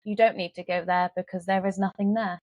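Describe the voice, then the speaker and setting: A woman's voice: medium pitch, fairly even intonation, brisk, darkish tone, no room sound. A young English woman guest on a podcast, telling stories in casual chat with dry sarcasm. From England.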